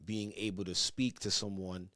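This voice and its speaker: A man's voice: lowish voice, level tone, moderate pace, sharp tone, no echo, studio quality. A man hosting a church call-in show, stammering and repeating words as he preaches to a caller. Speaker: church elder host. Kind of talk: religious call-in talk.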